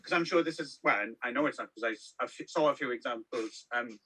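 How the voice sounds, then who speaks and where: Guy co-hosting a movie chat, bright husky voice, rambles with ums. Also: mid-range voice, fast. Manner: rambling, lots of ums and restarts. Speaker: podcast co-host. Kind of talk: casual film review chat.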